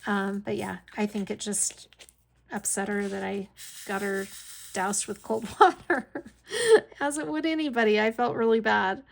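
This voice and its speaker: A woman's voice: medium pitch, creaky. A middle-aged woman at home, chatting casually as she tells a story and laughing often. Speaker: hobby vlogger, caregiver to her aunt.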